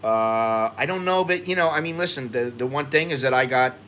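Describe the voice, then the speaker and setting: American guy, vlog host, bright forward tone, rambling, frustrated, faint background noise. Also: mid-range voice, fairly quick. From United States. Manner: rambling, frustrated, repeats himself. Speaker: expat vlogger. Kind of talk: livestream chat reading viewer comments.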